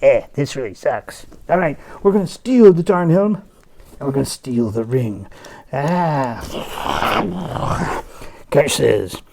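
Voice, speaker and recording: A gruff, blustering dwarf, greedy and quick to curse, as a man puts him on for a homemade puppet opera. The voice is gravelly with a lively, bouncing pitch. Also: a little hiss or hum. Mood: cursing. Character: greedy grumbling male dwarf, vengeful.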